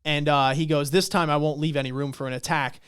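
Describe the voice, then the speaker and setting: A man on a podcast, casually recapping a webtoon and acting out the characters' lines with swearing and excitement. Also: on the high side, quick pace, clear, resonant tone, no room sound, studio quality. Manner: animated retelling, acts out lines, swears. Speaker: podcast co-host.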